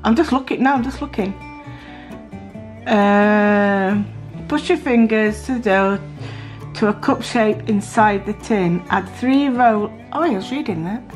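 A woman's voice: medium pitch, a little slow, long pauses, soft background music. A middle-aged woman with a South Yorkshire accent, chatting casually as she narrates her daughter's baking for a family vlog in a home kitchen. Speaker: mum filming a family vlog.

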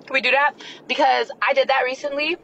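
A woman telling a story straight to camera in a lively way. At times she bursts into screams. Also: sits high, a little fast, vocal fry, heavy background noise.

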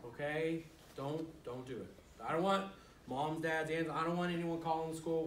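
A woman, a children's author, reads a rhyming picture book aloud to young children in a school, playful and animated, with joking asides to the kids. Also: deep voice, normal speed, very noisy. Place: school room full of first graders. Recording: echoey room, distant mic, loud children. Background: children chattering and laughing.

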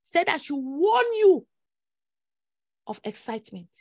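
A woman's voice: high voice, sing-song, takes it slowly, dark tone, no echo, clean studio sound. A woman delivering prophecies in an emphatic, repetitive preaching style with dramatic exclamations. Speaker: prophetess leading prayer. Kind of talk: prophetic sermon over prayer call.

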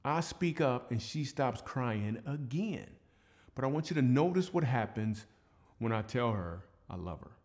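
A man's voice: mid-range voice, lively intonation, unhurried. Chatty man telling a stand-up story. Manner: loose, chatty storytelling with asides; turns quiet and earnest toward the end. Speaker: comedian. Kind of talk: family-friendly stand-up at a church service.

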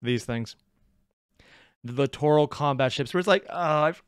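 A man's voice: a little high, moderate pace, long pauses, no room sound, studio quality. A man hosting a casual reaction video, joking and sarcastic as he comments. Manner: animated, sarcastic asides, laughs at own jokes. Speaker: reaction channel host.

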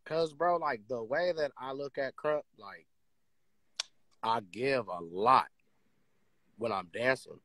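A man talking in a casual podcast chat, excitable and swearing freely, his pitch jumping high when he gets worked up. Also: slow, long pauses, dry recording. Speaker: podcast host.

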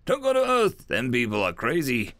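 A man's voice: medium pitch, very animated, moderate pace, fairly bright tone, dry recording, voice pushed up. A man doing a brash drawling space miner. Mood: joking. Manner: folksy, joking, rural slang.

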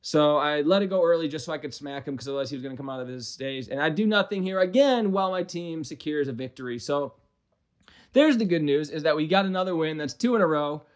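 A man's voice: a little high, fast talker. Rambling self-mocking man from the Midwest. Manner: rambling, self-deprecating, profane asides. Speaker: gaming commentator. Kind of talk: casual game commentary.

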